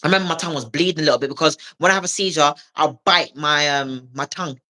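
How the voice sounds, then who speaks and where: A woman from England, a comedian guest on a podcast, telling stories in lively casual chat and acting out what people said to her. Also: deep voice, fast talker. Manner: animated storyteller who acts out quoted voices and laughs often.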